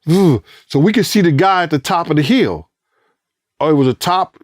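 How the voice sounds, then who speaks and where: A man recounting events as a former bodyguard in an animated, profane interview, acting out voices and sounds. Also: on the high side, brisk, no room sound, clean studio sound. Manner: profane, acts out quotes and sounds, rising excitement.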